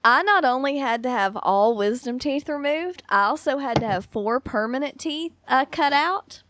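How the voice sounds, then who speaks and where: A woman's voice: high-pitched, expressive, moderate pace, noisy background. A woman co-hosting a casual chat, recounting her own experience in a plain, matter-of-fact way. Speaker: co-host.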